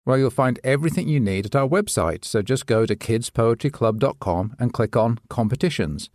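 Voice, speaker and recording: A man's voice: mid-range voice, lively intonation, normal speed, darkish tone, dry recording, studio quality. A man who hosts a poetry podcast, chatting as a guest in an upbeat, friendly way. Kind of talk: scripted podcast chat.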